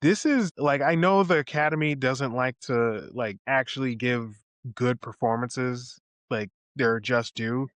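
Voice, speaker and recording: A man co-hosting a film review podcast at a middling pitch, recounting scenes in a lively way and acting out the quoted lines. He swears freely and talks casually. The recording is dry and close. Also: measured pace, dry recording. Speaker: podcast co-host.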